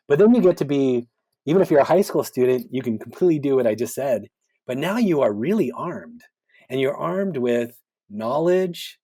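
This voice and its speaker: A man talking as a podcast guest in a relaxed interview, thoughtful and animated, often acting out the voices of people he quotes. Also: medium pitch. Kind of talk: conversational interview.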